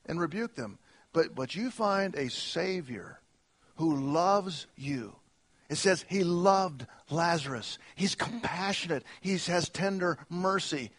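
A male pastor preaching a sermon earnestly, moving between soft, slow lines and emphatic ones. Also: on the high side, lively intonation.

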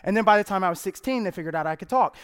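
In an echoey church sanctuary, a youth pastor with a high, smooth voice delivers a casual, humorous sermon at a rapid-fire clip. He's chatty and playful, often laughing as he speaks.

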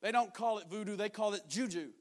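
High-voiced young man preaching. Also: fast. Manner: storytelling that builds to loud, emphatic preaching. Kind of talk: sermon.

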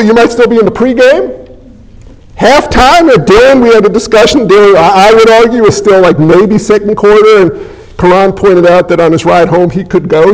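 A man's voice: high voice, low-quality recording. A man preaching a sermon as pastor, emphatic and folksy, asking the congregation rhetorical questions.

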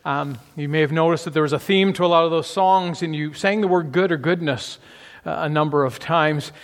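A man's voice: on the high side, a little fast, big-room sound. A man preaching a conversational sermon, asking the listeners rhetorical questions and often restarting his sentences. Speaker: pastor.

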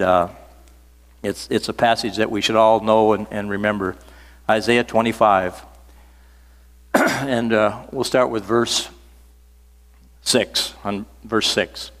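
An older male preacher delivers a sermon with a somewhat low voice, mixing folksy storytelling asides with earnest repetition of key phrases. His words ring out with a long reverb, as though filling a church sanctuary. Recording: reverberant hall sound.

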